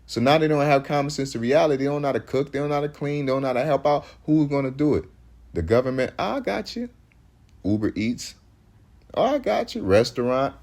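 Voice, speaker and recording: A man's voice: medium pitch, fast talker, a little mellow. A man, preaching in loose street talk that rambles, restarts often and hits points with emphasis.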